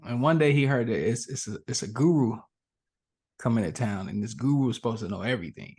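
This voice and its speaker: A man's voice: fast talker, husky. A young man from Chicago's South Side, a podcast guest, telling a story casually and acting out the characters' voices. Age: young adult. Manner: animated, acts out voices in his stories with big pitch jumps.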